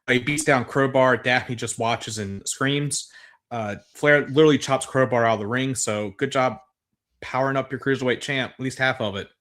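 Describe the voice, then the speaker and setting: A man's voice: medium pitch, steady tone, moderate pace, fairly bright tone. A man co-hosting a podcast, recapping in a loose, rambling, profane chat and laughing at the silly bits. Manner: rambling, swears freely, laughs at absurd moments. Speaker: podcast co-host.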